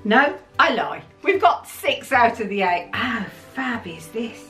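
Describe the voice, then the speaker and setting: A woman from the United Kingdom, chatting excitedly as she unboxes things for her channel. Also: on the high side, slow pace, faint music behind. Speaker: vlogger. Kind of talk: casual chat while unboxing. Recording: roomy sound from a distant mic.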